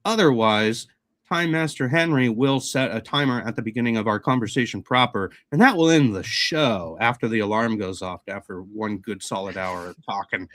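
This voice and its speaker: A man's voice: lowish voice, normal speed, fairly bright tone, no echo. A man hosting a podcast, chatting loosely and laughing a lot after a few drinks of rum. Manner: loose, laughing, a little tipsy. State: tipsy from rum. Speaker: podcast host. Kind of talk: casual podcast banter.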